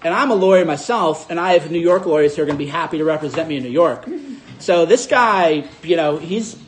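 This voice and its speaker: A man casually recounting a story to his audience, acting out both sides of an argument with animated delivery. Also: on the high side, brisk, slight background noise. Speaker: host.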